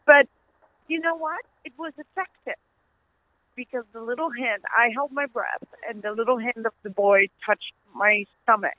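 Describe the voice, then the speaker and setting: A woman's voice: a little high, a little slow, pauses often, no room sound. Dutch-accented woman over a tinny phone line. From Netherlands. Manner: earnest, storytelling, laughs easily. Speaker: author and interview guest. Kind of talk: conversational interview.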